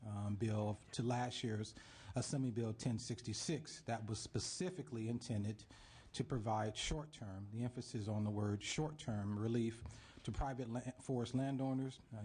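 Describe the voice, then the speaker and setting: Husky-voiced man giving formal testimony. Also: lowish voice, warm tone. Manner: measured, repeats points for emphasis. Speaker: forestry association advocate testifying.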